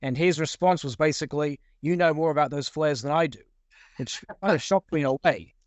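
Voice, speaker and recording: A man's voice: on the high side, a little fast, no room sound. A man in casual discussion, rambling with many repeated words and fillers while reading out passages.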